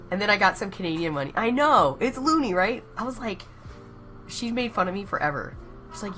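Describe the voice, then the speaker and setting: A woman's voice: on the low side, lively intonation, brisk, sharp tone, faint music behind. A young Texan woman chatting casually and rambling on a live stream, laughing at herself as she goes. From Texas.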